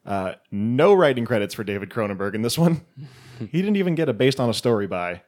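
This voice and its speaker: A man's voice: medium pitch, sing-song, fairly quick, a little mellow. A man on a casual podcast recapping a film plot, rambling with lots of fillers. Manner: rambling, filler-heavy, laughs often.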